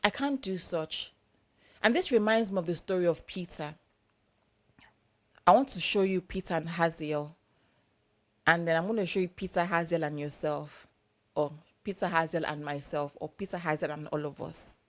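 A woman's voice: lowish voice, normal speed. A young adult woman preacher giving a sermon in a conversational, emphatic, repetitive way.

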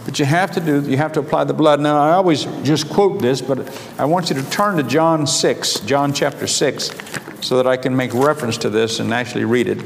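A man preaching a sermon, reading scripture aloud with a slow, drawn-out, emphatic delivery. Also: medium pitch, creaky. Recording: long hall reverb, faint background noise.

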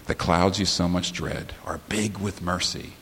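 A man preaching a sermon as the pastor, swinging from low, slow, weighty phrases to sudden high, loud outbursts. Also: fairly even intonation. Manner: impassioned preaching with sudden rises in pitch and volume and slow, weighty pauses. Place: church sanctuary. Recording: sermon in a large reverberant hall with faint hiss.

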